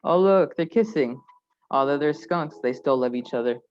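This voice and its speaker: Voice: medium pitch, moderate pace, darkish tone. Kid presenter, show-and-tell on a video call. Earnest and simple, with muffled sound. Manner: simple, earnest sentences describing pictures.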